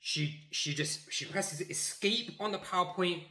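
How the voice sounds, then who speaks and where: A young man tells a funny school story in an animated, emphatic way, acting out each moment. His voice is bright and forward. The sound bounces around an echoey room. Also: fairly high pitch, normal speed, hardly any pauses. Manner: animated, acts out scenes, emphatic. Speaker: YouTuber. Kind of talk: comic storytelling.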